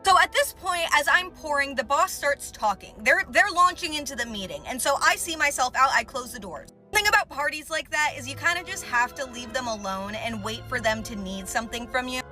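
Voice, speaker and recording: A woman's voice: sits high, expressive, a little fast, few pauses, sharp tone, soft background music. A young woman who works as a restaurant server, chatting through a storytime from her parked car. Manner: chatty, explanatory retelling. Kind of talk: casual storytime.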